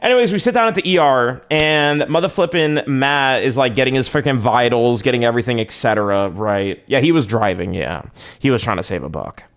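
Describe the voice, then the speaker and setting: A man's voice: mid-range voice, expressive, fairly quick. A young man livestreaming, telling a rambling, profane story to his chat in a casual, slangy way with lots of restarts.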